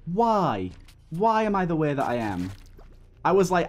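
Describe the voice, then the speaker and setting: A man's voice: fairly high pitch, very animated, unhurried. A man giving casual, rambling gameplay commentary as a YouTuber, laughing often and restarting his sentences, with hiccups. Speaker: gaming YouTuber.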